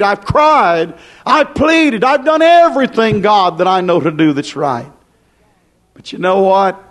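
A middle-aged man preaching a fiery sermon of warning, repeating his points and swinging up and down in pitch. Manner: warning, repetitive, rises and drops in pitch.

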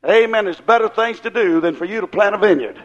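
A man preaching a sermon in a fervent, folksy way, firing rhetorical questions at the congregation and rising into shouts. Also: high-pitched, fairly quick, highs cut off. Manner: acts out quoted people in voices.

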